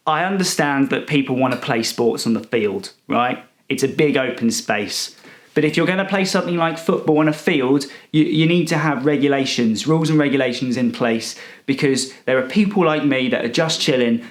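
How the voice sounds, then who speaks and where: A young man telling a rambling, self-righteous comic story in a deadpan, indignant manner. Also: mid-range voice, normal speed. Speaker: comedic character monologue performer.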